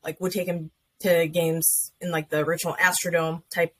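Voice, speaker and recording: A woman's voice: fairly low pitch, moderate pace, husky. A woman hosting a casual sports podcast, telling stories and acting out quotes. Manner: animated storyteller, acts out quotes. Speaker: podcast host. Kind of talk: casual chat.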